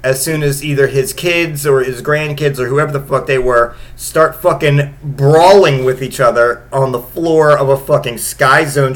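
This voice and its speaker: Rambling, profane man in his late thirties. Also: fairly high pitch. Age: late 30s. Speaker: podcast host. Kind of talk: casual comedic storytelling.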